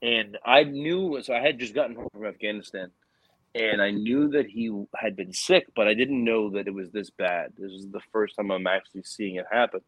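Low-voiced man telling an earnest story. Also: moderate pace, a bit bright, no echo, muffled recording. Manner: earnest, rambling, many restarts. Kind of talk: personal storytelling in casual conversation.

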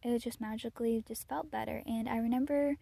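Gushing teenage girl with a mellow voice. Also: a little high, fairly even intonation, fast talker, creaky, dry recording. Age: teens. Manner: chatty and gushing, with frequent "like" and soft laughs. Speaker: podcast host. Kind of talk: casual solo podcast chat.

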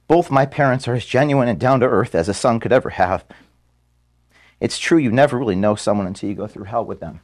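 A man giving a farewell address to his staff, filmed in an office room. He is close to tears and halting, and he stops to apologize as he speaks. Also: medium pitch. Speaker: organization founder giving a farewell speech to staff.

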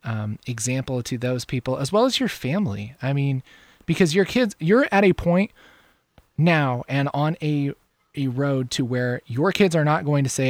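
Lively, encouraging podcast host. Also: medium pitch, normal speed, no room sound. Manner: playful, encouraging, prone to silly voices. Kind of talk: supportive casual interview.

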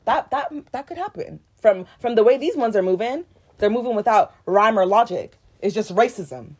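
Young woman podcast cohost, fired up and ranting, kinda husky voice. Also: fairly high pitch, moderate pace. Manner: heated, indignant and animated. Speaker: podcast co-host. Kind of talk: casual chat.

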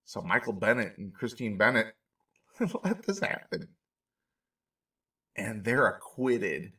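A man's voice: fairly low pitch, sing-song, slow, pushed and bright. Indignant man ranting, slightly distant mic. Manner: emotional, indignant, rambling. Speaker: podcast host reacting to a documentary. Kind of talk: casual commentary.

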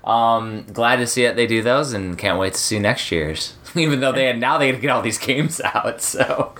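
A man's voice: mid-range voice, normal speed, a bit bright, a little hiss or hum. A man co-hosting a casual gaming podcast, talking with enthusiasm and laughing often. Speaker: podcast co-host. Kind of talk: casual chat.

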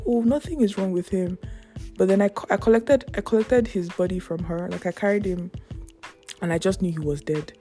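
A woman's voice: medium pitch, warm tone. A young woman hosting her own podcast in casual solo chat, rambling and playful, often laughing. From Yoruba family background. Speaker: podcast host.

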